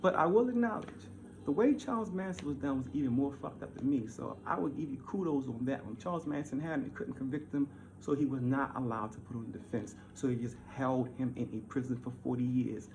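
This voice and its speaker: A man delivering a heated, repetitive monologue, swinging from loud outbursts to low mutters. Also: a little fast, creaky, noisy background. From Baltimore. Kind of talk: ranting monologue.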